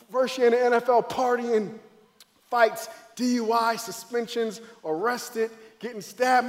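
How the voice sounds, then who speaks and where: A man, a former football player, giving an emotional faith testimony, dramatic and acting out moments as his voice swings between loud and hushed. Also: extremely high pitch, in a large hall.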